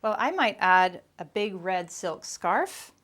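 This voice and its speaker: A woman vlogger giving a casual, chatty fashion commentary to camera, playful and quick to laugh. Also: medium pitch, very animated, a bit bright.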